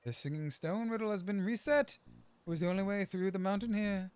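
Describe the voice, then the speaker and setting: A man's voice: high voice, a little fast, darkish tone, clean tone, no room sound, lightly acted. A man voicing a fretful villager in a game, reading the lines in a raised voice.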